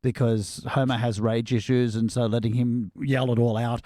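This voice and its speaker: A man's voice: mid-range voice, little pitch movement, normal speed, dark tone, no echo. Aussie podcast guy, wry jokes, dry close mic. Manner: wry, joking asides. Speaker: podcast co-host. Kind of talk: casual chat.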